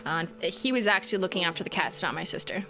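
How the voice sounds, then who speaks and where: A woman's voice: fairly low pitch, animated, fast, music in the background. A woman in her late twenties opening fan mail on a live stream in casual, chatty talk, swearing freely and laughing often. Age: late 20s.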